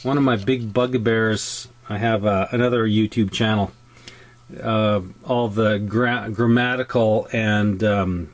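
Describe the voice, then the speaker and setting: Talking slowly in a lowish voice with fairly even intonation, a Canadian-accented man walks through how to weather a scale model; he's chatty and meandering, frequently backing up to restart and filling gaps with ums.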